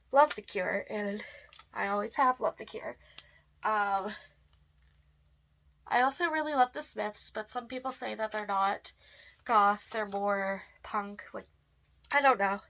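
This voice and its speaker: A woman's voice: mid-range voice, a bit bright. A woman answering tag questions in a casual, chatty vlog, with lots of fillers and laughs. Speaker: goth vlogger.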